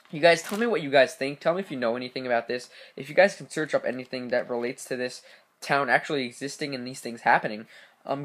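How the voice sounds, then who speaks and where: A man hosting a channel, casually reading a horror story aloud with frequent fillers and stammers. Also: mid-range voice. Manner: stammering, many fillers, fast reader. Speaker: channel host.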